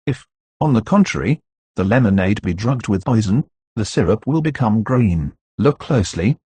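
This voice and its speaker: A man's voice: fairly low pitch, animated, dark tone, slightly rough, dry recording. A man voicing a grave middle-aged doctor who speaks firmly and insistently. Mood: instructive. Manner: firm, measured, accusing.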